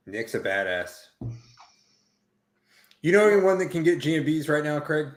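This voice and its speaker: A man's voice: fairly high pitch, big pitch swings, normal speed, reverberant. A man co-hosting a casual chat, rambling with many fillers and swearing freely. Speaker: podcast co-host.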